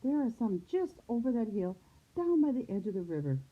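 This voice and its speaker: A woman voicing a sly, charming male wolf who talks with smooth, overly polite manners. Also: a little high, sing-song, fairly quick, pitched above the performer's own voice. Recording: phone-like lo-fi sound.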